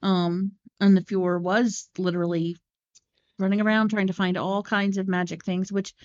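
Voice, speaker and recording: A woman co-hosting a casual movie podcast, swearing freely and going off on animated tangents. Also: medium pitch, normal speed, dull audio. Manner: profane, tangent-prone, animated. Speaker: podcast co-host.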